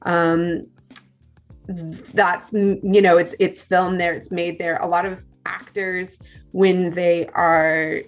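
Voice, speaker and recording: A woman with a Californian accent talks in a low, easy voice, filling her sentences with ums and restarts. She explains things like a teacher in a relaxed conversation. Faint music plays behind her. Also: slow. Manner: chatty, many fillers and restarts. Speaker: guest teacher. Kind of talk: casual conversation.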